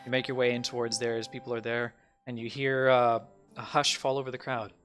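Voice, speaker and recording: A man's voice: medium pitch, flat delivery, brisk, music in the background. A man narrating a tabletop game as game master in a casual, loose way. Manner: casual narration with fillers, swearing.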